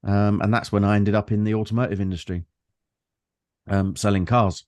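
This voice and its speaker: A low-pitched man in his fifties with a London accent talks in a reflective, meandering way. He often stops to fill gaps as he recalls stories. The sound is close and dry, with no room around it. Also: steady tone, moderate pace, a little mellow, no echo. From London, England. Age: 50s. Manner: reflective, meandering storyteller with frequent fillers. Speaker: guest. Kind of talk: casual conversation.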